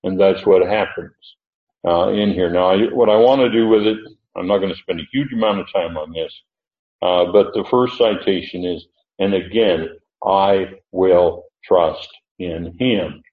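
A man teaching through a Bible passage verse by verse, thinking aloud with many pauses and restarts. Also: low-pitched. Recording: echoey room on a tinny, phone-like line.

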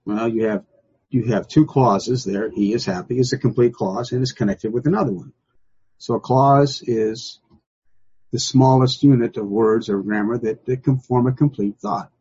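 An older man teaches a Bible study in a relaxed, folksy way, leaning hard on single words and saying them again to make a point. His voice is deeply husky and mellow, and the recording has a dull, lo-fi sound. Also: moderate pace. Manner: folksy and emphatic, repeats key words. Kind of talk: informal Bible study lesson.

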